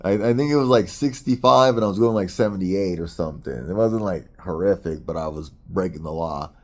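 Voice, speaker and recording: Speaking fairly quickly in a low, darkish voice, a middle-aged American vlogger tells a long story out of frustration. The casual rant is rambling and profane, with many false starts.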